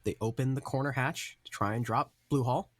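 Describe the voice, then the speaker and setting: A man's voice: mid-range voice, steady tone, a little fast, dry recording. A man giving casual color commentary on an esports match, breaking down plays. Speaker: esports caster. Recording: noisy broadcast with game sounds.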